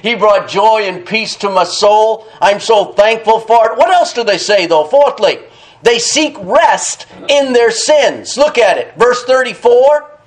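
A man's voice: high-pitched, expressive, measured pace. A man preaching a sermon emphatically, repeating key phrases, calling out to the congregation for an "amen" and laughing between points.

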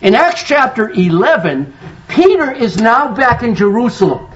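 A man's voice: very high voice, sing-song, normal speed. A man preaching a sermon as pastor, quoting scripture with strong emphasis and calling out to his congregation for responses. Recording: dull lo-fi sound.

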